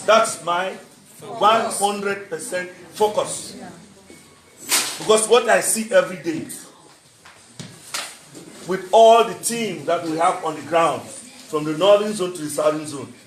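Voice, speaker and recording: A man speaking in gives an earnest public appeal, his voice sitting fairly high. He leans on repeated phrases for emphasis. The sound is echoey, as if picked up by a distant mic in a hall. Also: slow pace, pauses often, slight background noise. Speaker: speaker at a book launch. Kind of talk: public speech.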